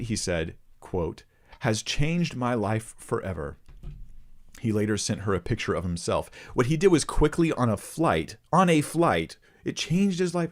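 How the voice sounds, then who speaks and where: A man hosting a ministry channel, reading a report aloud and stopping to comment earnestly to his viewers. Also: fairly low pitch. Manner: earnest, addresses viewers directly. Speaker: host of a Christian ministry channel.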